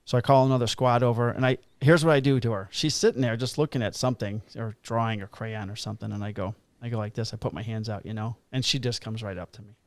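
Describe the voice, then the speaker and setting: A man's voice: medium pitch, steady tone, quick pace, hardly any pauses, dry recording. A middle-aged man, a police officer co-hosting a podcast, tells a rambling work story in casual chat and swears freely. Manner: rambling, profane anecdote telling.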